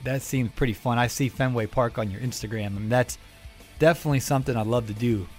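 A man's voice: medium pitch, fast talker, soft background music. A man hosting a podcast, chatting casually in a rambling way with many restarts. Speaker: podcast host. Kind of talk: casual interview chat.

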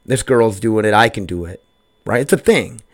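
In a solo podcast recorded at home on a desk mic, a man with a fairly low voice speaks at normal speed. The monologue is loose and rambling, with him often losing track of his point and teasing himself.

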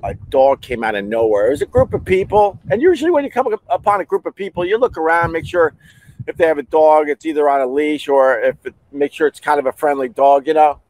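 Animated man telling a heated story. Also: fairly high pitch, low-quality recording. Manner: animated, heated retelling with loud outbursts. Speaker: podcast host. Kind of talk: casual storytelling.

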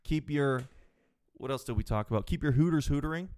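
A man's voice: fairly high pitch, a little fast, darkish tone, no echo. Exasperated man telling a rambling story. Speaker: podcast host. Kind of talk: casual storytelling monologue.

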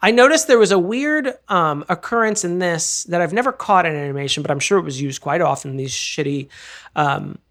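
A woman co-hosting a casual podcast chat. She talks in an animated way, swears often and laughs mid-sentence. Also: lowish voice, fairly quick. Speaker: podcast co-host.

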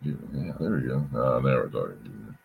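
Very deep-voiced man telling a story. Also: animated, normal speed, gravelly, phone-quality sound, a little hiss or hum. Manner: rambling storyteller, repeats words, swears. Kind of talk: casual chat.

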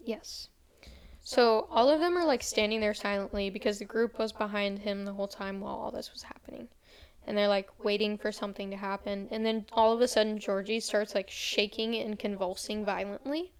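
A young woman casually retells a horror movie plot to a friend, recapping quickly and quoting the characters in a light voice. Her own voice is mid-range and smooth, with fairly even intonation.

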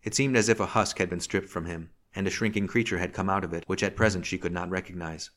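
A man reading a novel aloud as an audiobook narrator, in a measured, even way. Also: sits low. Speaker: audiobook reader. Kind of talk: scripted narration.

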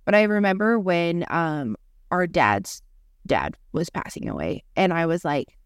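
A woman's voice: fairly low pitch, lively intonation, unhurried, clean tone, dry recording, studio quality. A woman hosting a podcast, telling a personal story in a casual, chatty way, full of "like". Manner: chatty, heavy use of "like". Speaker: podcast host.

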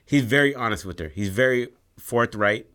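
A man chatting casually on a podcast, pitching a story idea in loose, slangy, profane language. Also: moderate pace, a bit bright.

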